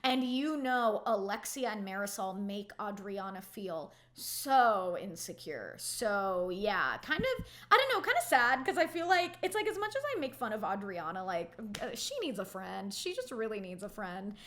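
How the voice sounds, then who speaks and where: A woman's voice: medium pitch, big pitch swings, moderate pace, few pauses, fairly bright tone. A young woman giving a casual, opinionated reality TV recap, chatty and gossipy, filling her talk with "like". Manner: chatty, gossipy, heavy use of "like".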